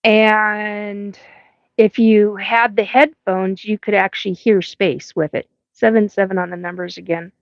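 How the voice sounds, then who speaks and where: A woman's voice: mid-range voice, little pitch movement, unhurried, dry recording, muffled recording. A woman hosting a live paranormal stream, telling a rambling story with swearing and frequent laughs. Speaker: host of a live paranormal show.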